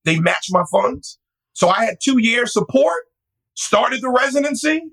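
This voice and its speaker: A man, a pastor, telling his story in a lively, animated way, sometimes jumping to a high voice to quote a friend. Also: unhurried, rough recording. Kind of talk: storytelling in an interview.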